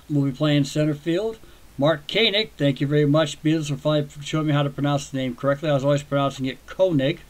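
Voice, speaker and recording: A man's voice: a little high, darkish tone. A man hosting a baseball video game session, chatting casually with viewers and rambling into self-deprecating asides.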